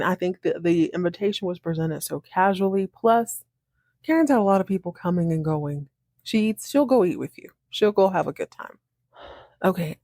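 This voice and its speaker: A woman talks through a TV episode with lively, chatty energy. She slips into playful voices for the characters and laughs as she goes. The sound is close and dry, with no room echo. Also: lowish voice. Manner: animated, acts out characters' lines in shifting voices; laughs often. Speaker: podcast host recapping a TV episode. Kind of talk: casual recap monologue.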